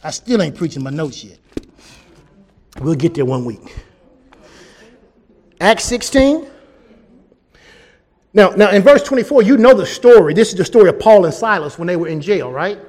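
Male pastor with a very high voice, lively pulpit delivery, heard in a large hall. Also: moderate pace, pauses often. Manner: animated preaching, rising to shouts. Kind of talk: sermon.

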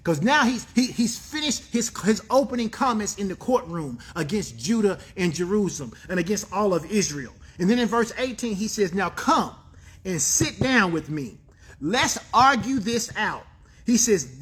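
A man's voice: sits high, lively intonation, normal speed, slightly rough. A man preaching a sermon as pastor, emphatic, repeating key phrases and calling for responses from the congregation.

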